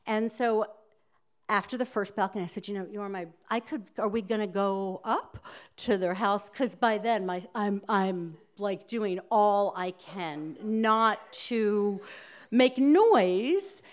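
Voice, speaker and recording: A middle-aged woman telling a personal story to a live audience, halting and laughing as she goes. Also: mid-range voice. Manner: halting, self-interrupting, laughing through the telling. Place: small hall before a live audience.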